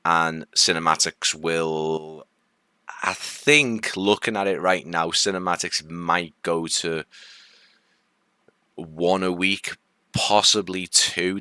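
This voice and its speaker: Deep-voiced chatty man, light Liverpool accent. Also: steady tone, very slow, pauses often, sharp tone, clean tone, no room sound, studio quality. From Liverpool, England. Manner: rambling and chatty, with many fillers and restarts; friendly, greets viewers and answers comments. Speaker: live-stream host. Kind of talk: casual live-stream chat with viewers.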